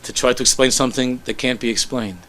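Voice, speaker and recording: A man, a rabbi, telling a story in a sermon with animated delivery that sinks to soft, low tones. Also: fast.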